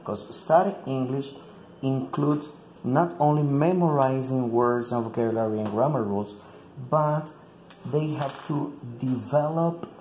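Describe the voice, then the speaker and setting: In an echoey room with faint background noise, a man who teaches English walks his colleagues through a classroom activity stage by stage. His voice is medium-pitched, mellow and dark, and he keeps saying "like" and repeating himself as he goes.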